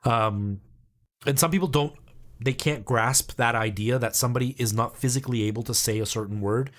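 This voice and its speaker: Chatty male game streamer from El Salvador, mid-pitched, talks to chat. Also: a little fast, fairly bright tone. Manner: chatty, explains at length. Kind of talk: casual live-stream chat with viewers.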